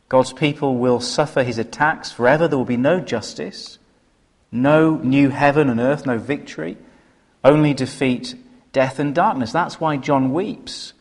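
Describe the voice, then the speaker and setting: A man preaching a sermon, emphatic and full of rhetorical questions. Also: mid-range voice. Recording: reverberant hall.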